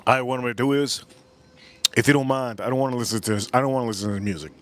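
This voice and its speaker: A man's voice: medium pitch, steady tone, rapid-fire, a bit bright. Rowdy, crude man livestreaming outdoors. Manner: rowdy, crude, repetitive, talks to chat. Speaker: livestream host. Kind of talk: casual livestream chat with viewers. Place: outdoors in cold weather.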